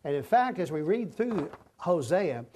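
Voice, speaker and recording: A man's voice: fairly high pitch, big pitch swings, measured pace, darkish tone, slight background noise. A man teaching a Bible study lecture in a conversational way, often restarting his sentences.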